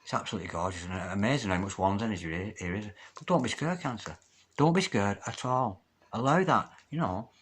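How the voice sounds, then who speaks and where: A man giving a solo tarot reading to his viewers, chatty and encouraging, with sudden loud exclamations that drop to hushed, near-whispered asides. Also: fairly low pitch, a little fast, slightly rough. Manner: chatty, encouraging, repeats pet phrases. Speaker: tarot reader.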